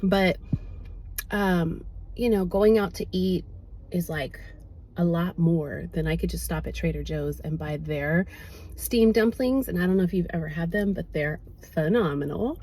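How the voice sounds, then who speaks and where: A woman's voice: fairly low pitch, measured pace, warm tone, low-quality recording. A woman vlogging in a casual, rambling way, with lots of fillers. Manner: chatty, rambling, many fillers. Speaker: fitness vlogger. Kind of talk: casual vlog chat. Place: outdoors then at home.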